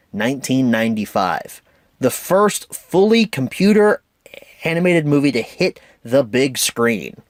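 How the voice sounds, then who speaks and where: A man's voice: mid-range voice, no room sound, clean studio sound. Chatty young man reviewing movies. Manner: chatty and wry, stumbles over words often. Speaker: host. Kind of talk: casual home media review.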